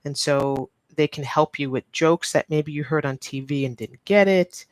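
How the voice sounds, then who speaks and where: A woman's voice: deep voice, moderate pace, dry recording. Woman, English teacher, live-stream lesson, patient, repeats points, dry close mic. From New York, United States.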